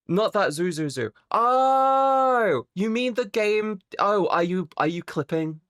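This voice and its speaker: A woman live streamer with a fairly low voice chats with her viewers in a playful, teasing way, swearing freely. Her pitch swings widely, with sudden high squeaky exclamations, while she mostly talks at an unhurried pace. The sound is dry and close, with no room echo. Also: big pitch swings, a bit bright.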